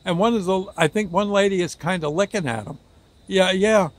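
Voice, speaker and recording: A man recounts a personal mishap in a relaxed, rambling way. He stumbles over words and restarts sentences often. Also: sits high, moderate pace. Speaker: storyteller. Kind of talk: casual personal anecdote.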